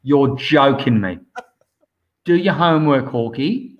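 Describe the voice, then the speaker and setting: A man's voice: medium pitch, slow. An Australian man, a swim coach, chatting casually on a podcast and telling stories with plenty of "mate". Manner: lively storyteller, calls everyone mate. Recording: muffled lo-fi audio.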